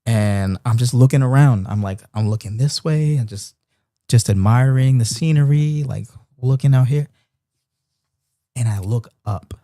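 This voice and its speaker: A man tells a story in a loose, animated way, full of slang and restarts. His voice is mellow and warm at a medium pitch. The sound is dry and close, with little room echo. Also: unhurried. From Baltimore. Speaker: host of a Bible reading stream. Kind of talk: casual storytelling chat. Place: apartment in Japan.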